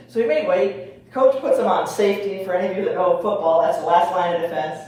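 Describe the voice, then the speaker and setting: A woman's voice: medium pitch, a little fast, a little mellow. An older woman telling a funny family story on stage in a chatty way, with fillers. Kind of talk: live comic storytelling. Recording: echoey room, mic far off.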